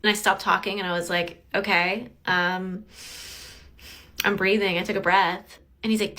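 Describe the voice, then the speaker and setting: A woman telling a dating story into her phone, talking fast by her own account. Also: medium pitch, flat delivery, bright, forceful tone. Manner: fast-talking, self-described. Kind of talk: storytime video.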